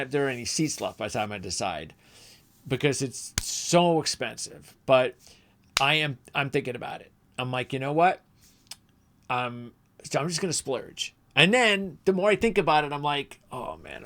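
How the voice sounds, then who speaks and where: Man, middle-aged, motorsports host, casual commentary, rambling, animated, mid-pitched voice. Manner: animated, rambling, many restarts and asides. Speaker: motorsports channel host, former radio man.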